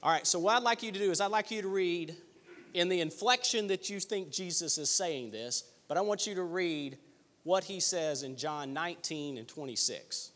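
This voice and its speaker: A man's voice: high-pitched, moderate pace, a bit bright, in a large hall. A man leading a Bible study group, teaching conversationally and thinking aloud with small restarts.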